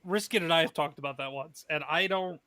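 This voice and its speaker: High-voiced, bright male stream host. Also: a little fast, dry recording. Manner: laughing, reads chat messages aloud. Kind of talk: casual live-stream chat.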